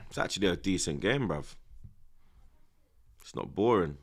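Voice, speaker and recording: A young man giving excitable, slang-heavy live commentary on a football match, dropping to hushed mutters and bursting into loud outbursts. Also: deep voice, measured pace, husky. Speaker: football watch-along streamer.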